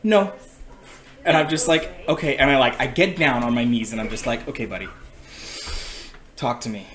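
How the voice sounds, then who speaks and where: A young man, a father, telling a lively anecdote in a casual chat and acting out his small son's questions. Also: mid-range voice, fairly quick. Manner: animated anecdote-telling, acts out a child's questions. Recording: roomy sound with crowd chatter.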